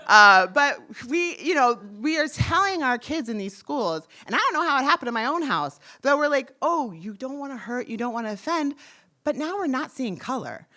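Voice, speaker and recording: A woman in her forties telling a personal story on stage, lively, acting out the voices she quotes. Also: high voice, normal speed. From United States. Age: 40s. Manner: animated, acts out quoted voices.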